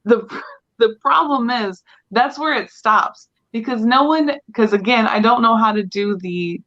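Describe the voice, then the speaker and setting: A woman's voice: a little high, measured pace, a bit bright. Chatty woman co-host, dull lo-fi sound. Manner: chatty, laughing, candid. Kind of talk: casual podcast chat.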